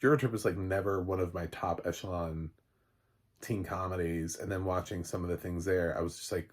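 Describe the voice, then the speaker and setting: A man giving a casual, rambling movie review, halting and restarting, with a husky voice. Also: low voice, fairly even intonation.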